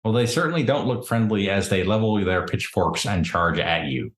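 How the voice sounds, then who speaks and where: A man narrating a tabletop game as game master in a relaxed, easygoing way. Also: lowish voice, moderate pace. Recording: roomy echo.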